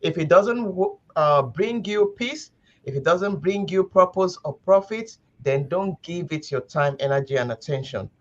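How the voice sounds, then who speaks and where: A woman's voice: on the low side, expressive, measured pace, highs cut off. A woman co-host giving firm, exhorting motivational closing remarks that end in a prayer.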